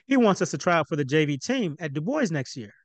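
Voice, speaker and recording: Excitable teen boy with a raised, eager voice, read by a man, storybook reading, dry sound. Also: fast talker, no echo. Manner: pitched up, eager and pleading.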